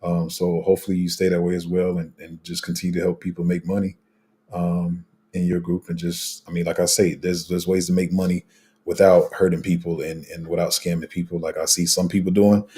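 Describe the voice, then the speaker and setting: A man's voice: sits low, level tone, brisk, warm tone, slightly rough. A man hosting a casual crypto livestream, rambling through viewer comments with lots of fillers, restarts and slang.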